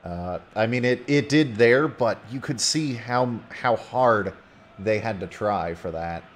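A man casually commentating a video game football match play by play, getting loud when a goal goes in. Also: lowish voice, slow. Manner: casual, rising excitedly on goals.

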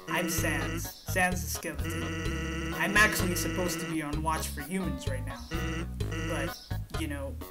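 A woman voicing a laid-back, joking male skeleton in a deep, slow drawl, with music behind.

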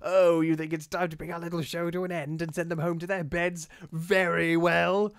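A man putting on a silky, spiteful gentleman villain. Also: a little high, little pitch movement, moderate pace, vocal fry, clean tone, no echo, clean studio sound, pitched above the performer's own voice. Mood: sneering.

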